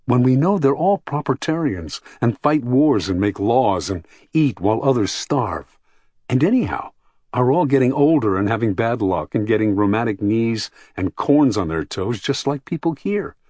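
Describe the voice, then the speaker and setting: Man voicing a defiant young woman, husky, lively delivery, dry sound. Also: mid-range voice, moderate pace, no echo. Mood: wistful.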